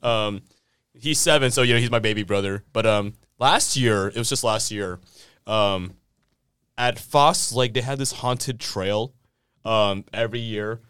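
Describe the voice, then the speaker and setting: Young male podcast host, casual rambling anecdote, smooth voice, dead-dry booth sound. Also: lowish voice, measured pace, fairly bright tone, no echo. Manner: rambling, many "um"s and restarts. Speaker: podcast co-host telling a story. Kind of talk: casual storytelling.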